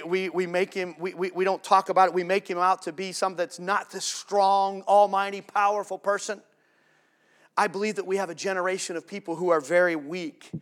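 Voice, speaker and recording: A male pastor delivering a sermon in a church, his voice sitting a little higher than most men's. He alternates fervent, loud declarations with hushed, drawn-out lines. Between points he talks casually with the congregation. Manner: dynamic preaching, swings from loud emphatic to hushed; conversational asides to congregation.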